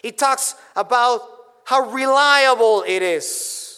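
A man with a high voice preaches slowly and deliberately, leaning hard on key words as he works through scripture. His voice rings out with a long reverb, as if in a large hall. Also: sharp tone, clear, resonant tone. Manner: deliberate, emphatic teaching with scripture quotes. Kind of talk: expository sermon.

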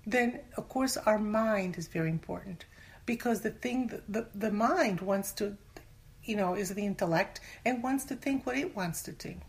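A Christian teacher with a mid-range voice and moderate pace gives an informal Bible lesson in conversation. She's earnest, occasionally dropping to a whisper for emphasis, and acts out everyday voices when quoting people.

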